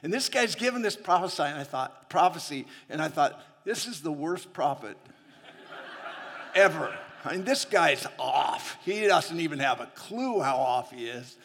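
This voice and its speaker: A man's voice: on the high side, animated, normal speed, vocal fry, few pauses, a bit bright. A man preaching a sermon that tells stories from his own life, chatty and often laughing between lines. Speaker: missionary preacher. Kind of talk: sermon with personal storytelling. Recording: long hall reverb.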